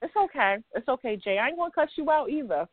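A woman with a New York accent hosting a casual interview, playful and teasing, telling stories with lively asides. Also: high-pitched, fast talker, no room sound. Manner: playful, teasing, animated storyteller. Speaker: podcast host. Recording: dry, phone-like line.

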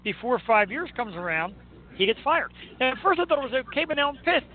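A man hosting a talk show, chatting and ranting about sports in an excitable, joking way. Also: very high-pitched, fairly quick. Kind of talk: casual sports rant and chat. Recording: tinny phone-like line with faint noise.

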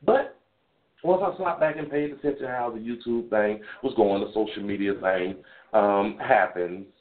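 A man's voice: lowish voice, moderate pace. Thirties male host, casual call-in radio monologue, candid and profane, phone-line sound with echo. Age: 30s. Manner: loose, rambling, candid and profane. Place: in a car while driving. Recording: tinny phone line, echoey.

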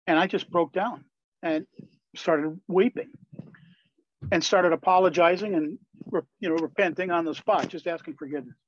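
High-voiced older man telling stories. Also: moderate pace, dry recording. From Wisconsin, USA. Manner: lively, candid anecdotal telling. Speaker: guest, Christian musician and pastor. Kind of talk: storytelling in a conversational interview. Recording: slightly dull, lo-fi sound.

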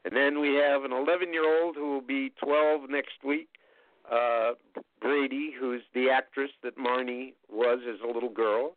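An older man telling rambling, chatty anecdotes as an interview guest, with frequent pauses. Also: medium pitch, steady tone, dry recording, narrow, tinny audio. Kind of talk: storytelling anecdotes in casual conversation.

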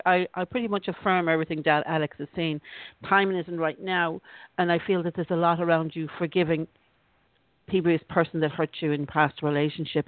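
A woman's voice: on the low side, no echo. A woman hosting a call-in psychic show, giving a rambling, reassuring reading with frequent restarts. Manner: warm-hearted, rambling, restarts often. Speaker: radio show host, psychic. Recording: dry, tinny phone line.

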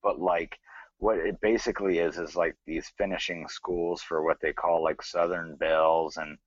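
A man's voice: low-pitched, little pitch movement, moderate pace, no room sound, muffled recording. A man from the American South, co-hosting a podcast in loose, profane casual chat full of fillers. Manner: rambling, profane, many fillers. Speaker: podcast co-host.

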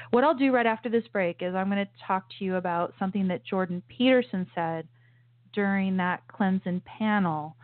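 A woman's voice: fairly low pitch, dry recording. Opinionated woman host on a tinny line. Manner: opinionated, emphatic, many restarts and asides. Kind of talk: political commentary show. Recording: tinny phone-like sound, dry.

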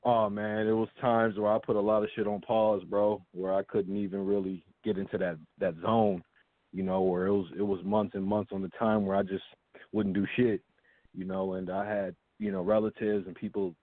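Man from Los Angeles, casual and rambling with slang and restarts, mid-pitched voice, dry tinny phone-like sound. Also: little pitch movement, normal speed, no room sound. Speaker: guest artist. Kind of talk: casual interview talk.

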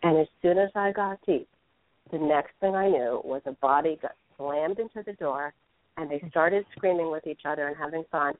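A woman's voice: low voice, moderate pace, dry recording. Earnest woman storyteller on a phone-like line. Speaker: spiritual teacher, guest. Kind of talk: casual radio interview talk. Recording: phone-like narrow dry sound.

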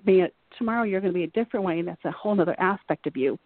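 A woman's voice: lowish voice, expressive, very fast, dry recording. A woman as an interview guest, talking in an earnest, reflective, rambling way. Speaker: guest artist. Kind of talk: casual interview chat. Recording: dry tinny phone line.

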